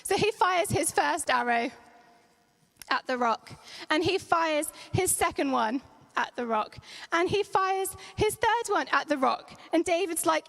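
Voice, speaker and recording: Playful high-voiced woman storyteller. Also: lively intonation, unhurried, creaky, a bit bright. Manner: playful, slangy, dramatic asides. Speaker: children's church leader. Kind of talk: lively storytelling for children. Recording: church hall reverb.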